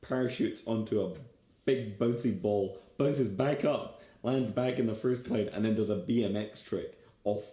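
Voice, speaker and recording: A man co-hosting a podcast in a living room, trading dry, deadpan jokes in casual chat. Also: on the low side, measured pace. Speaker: podcast co-host. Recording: echoey room.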